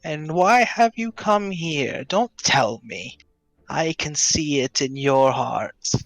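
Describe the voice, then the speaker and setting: A man voicing a cruel tree spirit in a tabletop game. It taunts and mocks, speaks in riddles, and draws its words out slowly. The sound is dry and close, with faint music underneath. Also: on the high side, gravelly, no echo. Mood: taunting. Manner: taunting, cryptic, laughs callously. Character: callous mocking male tree spirit.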